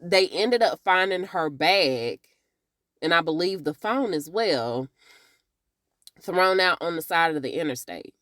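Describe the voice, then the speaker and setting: A woman's voice: on the low side, expressive, a little slow, fairly bright tone, no room sound, clean studio sound. A woman giving a casual, chatty TV episode recap, talking straight to her viewers. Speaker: TV recap reviewer.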